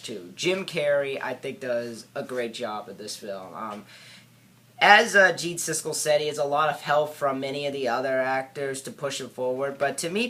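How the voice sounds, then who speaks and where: A man's voice: medium pitch, pushed and bright. Hesitant young man reviewing a film. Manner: hesitant, halting, many filler words and restarts. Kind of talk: casual spoken film review.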